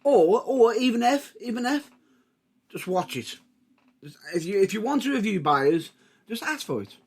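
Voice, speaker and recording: A man's voice: high voice, sing-song, normal speed, creaky, breathy edge. A man co-hosting a wrestling podcast, who keeps the talk moving with dry, teasing remarks. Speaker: podcast co-host. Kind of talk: casual chat.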